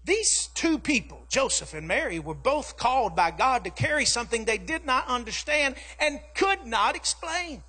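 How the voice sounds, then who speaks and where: A man preaching a sermon as pastor, telling a family story and rising to shouts. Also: very high voice, moderate pace, few pauses, slightly rough. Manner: animated preaching, acting out his daughter's voice, rising to shouts.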